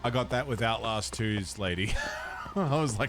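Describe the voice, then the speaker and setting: A man's voice: mid-range voice, big pitch swings, slow pace. A man streaming a video game, chatting casually with viewers, laid-back and swearing freely. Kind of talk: casual let's-play chat.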